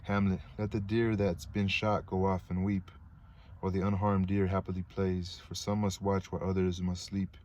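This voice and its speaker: A man's voice: deep voice, level tone, moderate pace, a little mellow, muffled recording, close to an everyday voice. A man reading the lines of a bitter, sarcastic young prince in his own plain voice.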